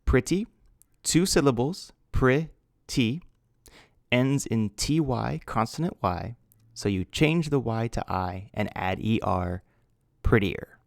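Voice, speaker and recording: Speaking slowly and deliberately, a low-voiced, gravelly English teacher explains grammar rules patiently and spells out words one letter at a time. He is expressive, and the audio is close and dry with no room sound.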